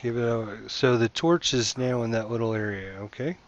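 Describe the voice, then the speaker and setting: A man's voice: medium pitch, fairly even intonation, moderate pace, muffled recording, a little hiss or hum. A man narrating a tabletop game as game master, meandering and hesitant, with many fillers, heard over voice chat.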